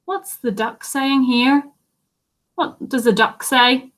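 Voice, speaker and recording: A woman teacher reading a picture book aloud to children, animated and asking them questions. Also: high-pitched, unhurried. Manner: animated, asks listeners questions. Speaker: primary school teacher.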